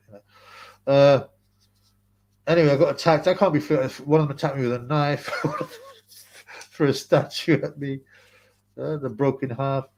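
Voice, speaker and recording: A man's voice: mid-range voice, darkish tone. Aussie bloke rambling on his livestream, repeats himself a lot, laughs, reads out chat. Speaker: livestream host. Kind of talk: casual livestream chat reading comments.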